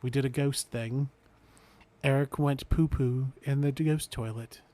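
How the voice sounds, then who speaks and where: A man's voice: medium pitch, fairly even intonation, unhurried, warm tone. A man co-hosting a casual podcast, cracking dry, crude jokes. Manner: dry, joking, crude humor. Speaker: podcast co-host.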